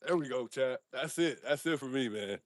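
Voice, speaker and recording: A man's voice: mid-range voice, normal speed. A man hosting a casual livestream outdoors at night, joking and poking fun at himself as he talks straight to his chat. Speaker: livestream host.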